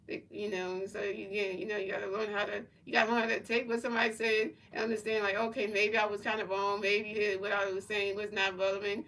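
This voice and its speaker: A woman's voice: mid-range voice, level tone, fast talker, hardly any pauses, fairly bright tone, far from the mic, poor audio. A woman streamer in casual chat, rambling and repeating herself as she answers her chat. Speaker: livestreamer.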